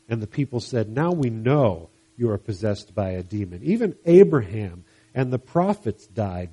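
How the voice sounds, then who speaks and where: A man's voice: mid-range voice, mellow, breathy edge. A man preaching a sermon, earnest and sometimes emphatic, with frequent restarts. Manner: earnest, rising to emphatic bursts, stumbles and restarts.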